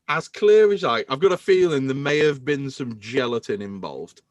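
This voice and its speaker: A man's voice: mid-range voice, normal speed, few pauses, no room sound. A man hosting a podcast in casual chat, enthusing about beer. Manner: enthusiastic, animated beer talk. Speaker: podcast host.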